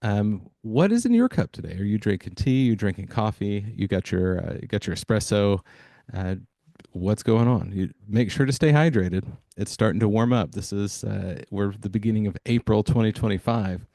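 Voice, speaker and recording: A man's voice: fairly low pitch, lively intonation, moderate pace, creaky, dark tone, no room sound. A man hosting a sales podcast, talking to listeners in an enthusiastic, hyping way with plenty of fillers. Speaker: podcast host. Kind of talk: energetic podcast monologue.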